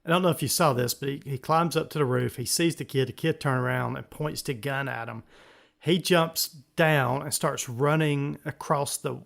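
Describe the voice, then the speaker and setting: Gravelly man chatting casually. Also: mid-range voice, normal speed, a bit bright. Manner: rambling, self-interrupting, chuckles often. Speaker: podcast co-host. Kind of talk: casual news chat.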